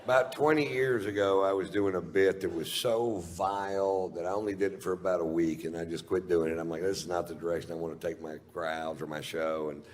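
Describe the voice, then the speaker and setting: A man's voice: low-pitched, fairly even intonation, fairly quick, few pauses. A middle-aged man doing stand-up, telling a long story in a laid-back, drawling, profane way. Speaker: stand-up comedian. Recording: live stage recording in a reverberant hall.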